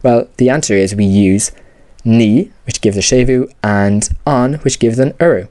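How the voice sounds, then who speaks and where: A man's voice: medium pitch, measured pace, mellow, dry recording. A man explaining grammar step by step in a patient lesson, often saying "you know" and "okay". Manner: patient, repeats key terms, many fillers like "you know" and "okay". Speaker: language teacher.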